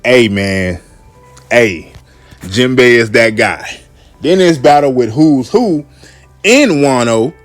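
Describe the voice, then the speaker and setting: Chill guy on his podcast, talks slow and loose, keeps saying man, dry close mic. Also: mid-range voice, lively intonation, no room sound, soft background music. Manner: laid-back, repeats himself, says "man" often. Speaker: podcast host. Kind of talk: casual solo anime podcast talk.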